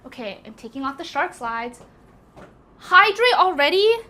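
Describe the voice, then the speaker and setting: A woman's voice: sits high, very animated, a little slow, sharp tone. A young woman live-streaming from home in a casual, scatterbrained and giggly way. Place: at home by a walking pad.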